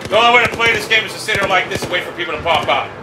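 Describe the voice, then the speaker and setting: A man's voice: sits high, very fast. A man ranting angrily over his gameplay, swearing constantly and complaining in exasperation. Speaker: gamer streaming gameplay. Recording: roomy, distant mic with loud game noise.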